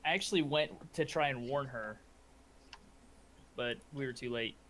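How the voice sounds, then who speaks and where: A man's voice: mid-range voice, moderate pace, a bit bright, a little hiss or hum. A man taking part as a player in a tabletop game, joking casually.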